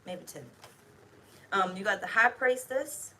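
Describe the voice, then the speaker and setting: Blunt, bright-voiced woman tarot reader. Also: medium pitch, lively intonation, unhurried, a little hiss or hum, poor audio. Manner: blunt, profane, emphatic, chatty. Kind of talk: casual tarot reading to camera.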